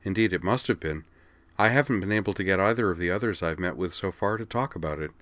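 Speaking fast in a low, somewhat bright voice with no echo, a man performs a character from a read-aloud story. She is a prim adult woman school counselor, formal and polite but prying with her probing questions, and she gets flustered easily.

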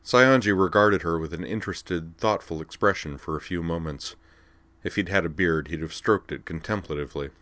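A man narrating fiction aloud in a calm, measured storytelling manner. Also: sits low, no echo. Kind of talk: audiobook-style fiction reading.

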